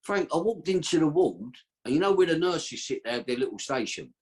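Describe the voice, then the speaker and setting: A man's voice: fairly high pitch, very animated, a little fast, darkish tone, husky. A man telling a long story as a podcast guest, rambling and slangy, with a streetwise way of talking. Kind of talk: casual storytelling.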